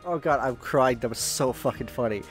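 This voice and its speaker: A man doing let's play commentary, excitable, laughing and swearing as he reads game dialogue aloud. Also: mid-range voice, normal speed, soft background music. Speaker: gaming channel host.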